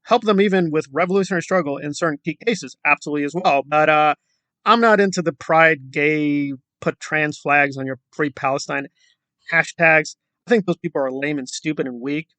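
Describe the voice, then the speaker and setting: A man's voice: on the high side, fairly quick, bright, forceful tone, dry recording. A man delivering a combative, sarcastic commentary rant full of rhetorical questions. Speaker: commentary YouTuber. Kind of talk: ranting commentary vlog.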